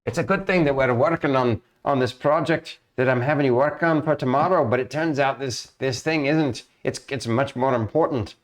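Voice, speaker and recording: A man's voice: mid-range voice, moderate pace, few pauses, voice pushed up, lightly acted. A man voicing a worried, long-winded male guild master who stammers as he frets.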